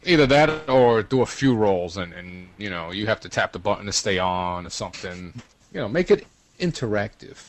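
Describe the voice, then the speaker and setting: Low-voiced man rambling on a gaming podcast. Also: big pitch swings, moderate pace. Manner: rambling, repeats words while searching for them. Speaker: guest co-host. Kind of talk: casual gaming podcast chat.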